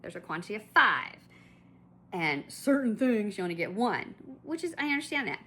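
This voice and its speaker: A woman's voice: mid-range voice, sing-song, normal speed, bright, forceful tone, a little hiss or hum. A woman vlogger telling a shopping story in a chatty, indignant way, full of asides and restarts. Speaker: collector vlogger. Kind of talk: casual ranting storytelling.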